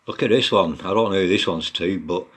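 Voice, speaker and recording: Man, very low voice, bright forceful tone, blunt and mocking, sweary casual commentary. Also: fairly quick, a little hiss or hum. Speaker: commentator reading and mocking online posts.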